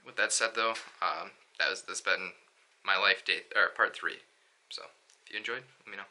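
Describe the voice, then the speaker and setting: Young male vlogger, casual rambling storyteller, low voice with a sharp bright edge. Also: normal speed, slight background noise. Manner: rambling, lots of fillers and restarts.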